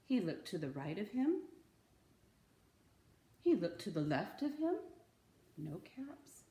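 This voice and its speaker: Expressive woman reading a picture book. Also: mid-range voice, reverberant. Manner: expressive, dramatic pauses. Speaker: children's story reader. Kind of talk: picture-book read-aloud.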